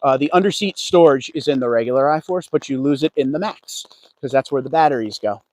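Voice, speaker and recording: Outdoors on a car dealership lot, a car vlogger walks around during a casual livestream, chatting with viewers and greeting them by name. His voice is medium-pitched, brisk and darkish, recorded dry.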